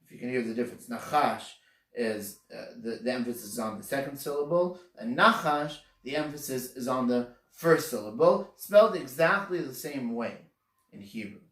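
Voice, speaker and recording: A man's voice: medium pitch, expressive, brisk. A man giving an earnest, explanatory sermon on the weekly Torah portion, often restarting phrases and leaning hard on single words. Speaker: Torah teacher. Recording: echoey room, voice from far off mic.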